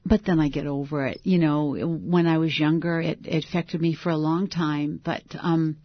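Lively, laughing woman in her sixties. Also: low-pitched, normal speed, no room sound, lo-fi sound. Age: 60s. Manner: lively, laughing, self-deprecating. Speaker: actress guest. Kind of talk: interview conversation.

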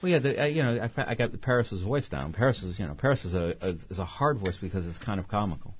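A man's voice: fairly low pitch, expressive, quick pace, lo-fi sound, slight background noise. A novelist being interviewed. He talks expressively and often restarts mid-phrase. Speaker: novelist guest. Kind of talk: interview conversation.

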